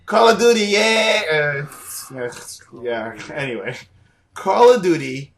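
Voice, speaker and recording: A man's voice: a little high, big pitch swings, slow pace, fairly bright tone, slight background noise. A young man hosting a casual gaming podcast, joking and laughing often. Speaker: podcast host.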